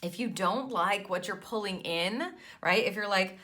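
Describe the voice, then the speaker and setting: A woman's voice: medium pitch, measured pace, bright, forceful tone. A woman reading cards as an intuitive guide, soothing and affirming, often tagging her lines with "right?". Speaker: tarot reader and intuitive mentor. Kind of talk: spiritual card reading monologue.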